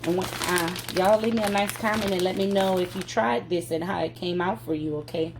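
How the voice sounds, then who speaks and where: A woman's voice: fairly low pitch, steady tone, a little fast, background noise. Chatty woman cooking at home. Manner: chatty, folksy, talks to viewers as "y'all". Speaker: cooking vlogger. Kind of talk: casual cooking demonstration. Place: home kitchen.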